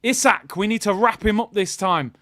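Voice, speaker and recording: High-pitched, chatty fan streamer. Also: male voice, moderate pace, dry recording, studio quality. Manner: chatty, reads out chat, erupts into shouts at good news. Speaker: football watchalong host. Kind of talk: live fan stream chat.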